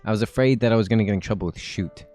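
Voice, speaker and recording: A man's voice: on the low side, rapid-fire, darkish tone, dry recording, faint music behind. A man in his twenties chatting casually on a live stream, rambling and laughing often.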